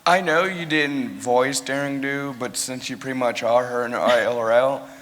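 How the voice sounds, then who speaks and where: Eager man with a bright voice. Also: mid-range voice, steady tone, moderate pace. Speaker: audience member asking a question. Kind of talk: casual Q&A at a convention. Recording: echoey convention hall.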